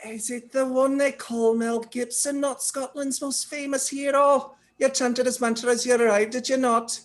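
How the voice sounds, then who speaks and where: A woman's voice: high voice, little pitch movement, normal speed, close to an everyday voice. A woman playing a formal, literal-minded alien posing as a human newcomer in a comedy sketch rehearsal on a video call. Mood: earnest.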